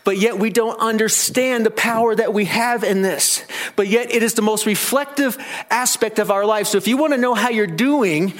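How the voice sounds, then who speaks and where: A man's voice: high-pitched, moderate pace, fairly bright tone. A man preaching a sermon, earnest and emphatic, asking the congregation many questions. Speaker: pastor.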